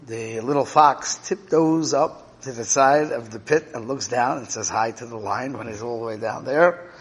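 In a reverberant hall, a man with a medium-pitched voice and moderate pace explains a parable during a Torah class. He keeps checking in with his listeners, asking "right?" and "okay?".

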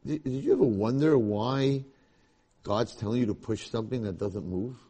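Husky male Torah teacher, lively storyteller. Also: medium pitch, normal speed. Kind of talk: storytelling in a class.

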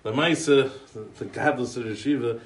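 Briskly and in a mid-range voice, an American man recalls story after story in a chatty eulogy whose English is rich with Yiddish and Hebrew yeshiva terms. He wanders, restarts, and chuckles, and the recording sounds roomy, as if taken from a distant mic.

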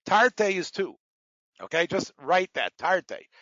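A man's voice: high-pitched, sing-song, takes it slowly, fairly bright tone, dry recording, lo-fi sound. A man teaching a Talmud class, explaining Aramaic words patiently, with digressions and many fillers. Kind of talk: lecture with asides.

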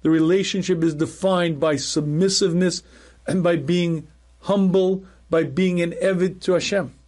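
A middle-aged man, a rabbi, teaching a class in a measured, emphatic way, repeating key phrases and often clearing his throat. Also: high-pitched, steady tone, darkish tone. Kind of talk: recorded Torah lecture.

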